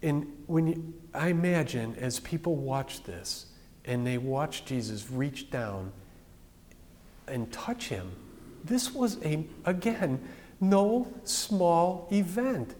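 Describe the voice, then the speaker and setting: A man with a somewhat high voice delivers a sermon in a relaxed, conversational manner, speaking plainly to his congregation. His words ring out with a long reverb, as in a large echoey hall. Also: slow. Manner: conversational, plain-spoken preaching. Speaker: pastor.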